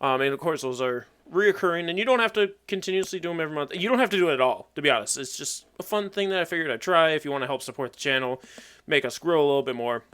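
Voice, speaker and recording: A man's voice: a little high, quick pace, fairly bright tone, clean tone. A young man chatting casually as he plays and commentates a competitive Pokemon battle, thinking aloud and joking at himself. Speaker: gaming YouTuber.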